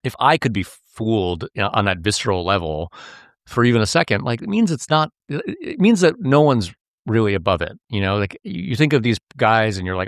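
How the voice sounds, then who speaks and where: A man, a reporter, talking in an interview in an earnest, halting way, often restarting his sentences. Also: mid-range voice, very animated, dry recording, studio quality. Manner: earnest, halting, with frequent restarts and filler words. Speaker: reporter and podcast co-host, interview guest. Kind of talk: conversational interview.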